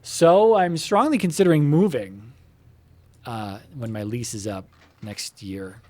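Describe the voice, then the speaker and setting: A man speaks from his home computer room as he plays, voice pitched in an ordinary middle range. His talk wanders, full of fillers and restarts and casual swearing, with quick asides to the game in front of him. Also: a little mellow. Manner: meandering, filler-heavy, swears casually, breaks off to comment on the game. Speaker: gamer talking to viewers while playing. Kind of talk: casual rambling chat while gaming.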